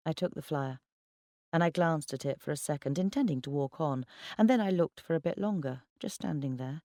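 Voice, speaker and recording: A man's voice: a little high, fairly quick, mellow, no echo, clean studio sound. A man reading a first-person novel aloud in a wry, conversational storytelling manner. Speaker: audiobook reader. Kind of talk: first-person literary narration.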